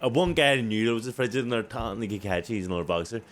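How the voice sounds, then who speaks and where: A young man with a Belfast accent, co-hosting a podcast and telling profane stories in an animated way, laughing often. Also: fairly low pitch, fast talker. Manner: animated, profane storytelling that keeps breaking into laughter. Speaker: co-host. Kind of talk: casual podcast chat.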